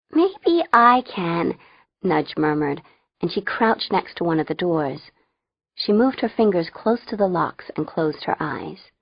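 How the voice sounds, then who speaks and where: A woman's voice: on the low side, creaky, husky, no echo, highs cut off. A woman narrating a first-person audiobook in a wry, conversational way.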